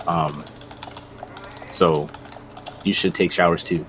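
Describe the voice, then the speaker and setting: A man from Maryland hosting his stream, telling stories in a relaxed, animated way. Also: deep voice, takes it slowly, a little hiss or hum. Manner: animated storyteller, laughs loudly. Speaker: streamer host. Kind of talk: casual chat.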